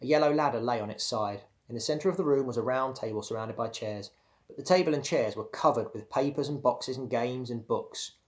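A man, a primary school teacher, reading a children's story aloud in a clear, steady way. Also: medium pitch, fairly quick.

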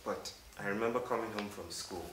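A man in his thirties from Africa, giving an earnest, halting storytelling talk to a live audience. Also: fairly low pitch, a bit bright. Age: 30s. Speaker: public speaker. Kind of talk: storytelling lecture. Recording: roomy hall from a distant mic with faint hiss.

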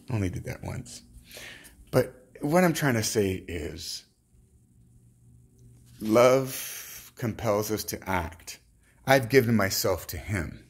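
A man speaking as a self-styled prophet in a rambling religious monologue, fervent and halting, with many restarts. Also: sits low, breathy edge.

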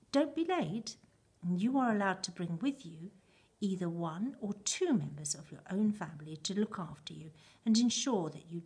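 Female reader doing an eccentric male chocolate maker; grand, theatrical, low and breathy. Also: a little mellow. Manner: theatrical, declaiming a letter.

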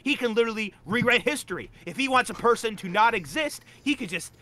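Bright, hyped young man gaming. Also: extremely high pitch, expressive, fast talker. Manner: playful, hyped-up joking. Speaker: guest showing his game bases. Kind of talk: casual gaming chat.

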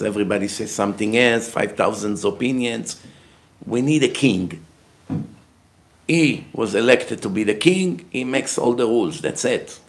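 Emphatic rabbi man lecturing heatedly. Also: medium pitch. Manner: emphatic, grows loud and forceful when making a point; blunt short phrases, asks questions and answers them himself. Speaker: rabbi giving a weekly lecture.

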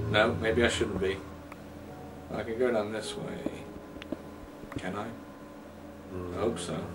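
A man rambling and joking to himself while commentating his game, with a distant mic and faint noise. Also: on the low side. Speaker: gamer. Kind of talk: let's play commentary.

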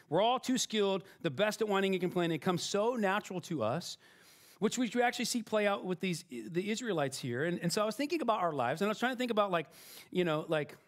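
A man in middle age delivers a sermon from the pulpit, talking to the congregation like friends and tossing in "right?" as he goes. His voice sits high for a man and moves a lot in pitch. He restarts sentences often, laughing at his own faults. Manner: conversational, self-deprecating, frequent restarts and "right?". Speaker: pastor.

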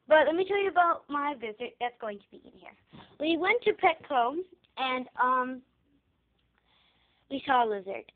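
A young girl giving a casual tour of her bedroom, chatty and rambling, excitable now and then. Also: high-pitched. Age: child. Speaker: vlogger giving a room tour. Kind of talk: casual room tour vlog. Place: child's bedroom, indoors. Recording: tinny lo-fi home camera audio.

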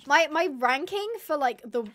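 A young woman live-streaming a game in casual chatter, reading chat aloud and breaking into excited squeals. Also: high voice, normal speed.

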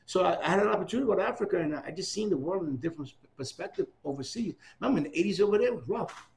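High-pitched and racing, with vocal fry and a bit of hiss or hum in the recording. The speaker is an older man from New City, a New York City native, animatedly telling oral history stories and voicing the people he quotes.

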